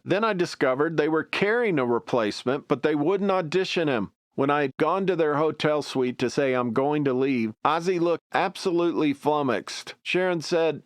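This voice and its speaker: Smooth-voiced male documentary narrator. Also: fairly high pitch, no echo, clean studio sound. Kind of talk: scripted narration reading quotes.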